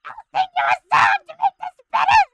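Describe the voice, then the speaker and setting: A woman voicing a shrill, panicky little toad creature, loud and shrieking. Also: brisk, very noisy, close to an everyday voice. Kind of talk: game character impression.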